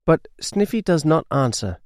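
A man reading a children's storybook aloud, slow, clear and expressive. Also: on the high side, no room sound, clean studio sound. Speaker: audiobook narrator.

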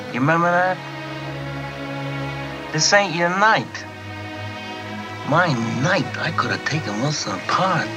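An actor playing a bitter, washed-up ex-boxer reproaching his brother in a wounded, halting way, from an old film soundtrack. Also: mid-range voice, close to an everyday voice. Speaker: film clip character. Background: dramatic film score.

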